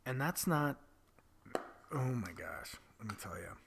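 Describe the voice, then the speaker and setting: A man telling a personal story in a candid, confessional way, often dropping to a breathy near-whisper and swearing bluntly. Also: mid-range voice, big pitch swings, measured pace, background noise. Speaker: vlogger telling his own story.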